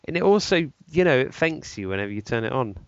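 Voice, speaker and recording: A man's voice: mid-range voice, big pitch swings, no room sound. Guy rambling on a tech podcast, lots of ums, dry dull lo-fi sound. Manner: rambling, halting speculation with many fillers. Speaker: podcast host. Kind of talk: casual tech podcast chat.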